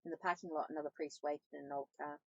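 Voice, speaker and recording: A woman reads a first-person novel aloud, with small slips that she corrects as she goes. Her voice is husky, with a gravelly edge. The recording is dry and close to the mic. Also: deep voice, steady tone, fast talker, dry recording, highs cut off. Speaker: audiobook reader, tarot channel host.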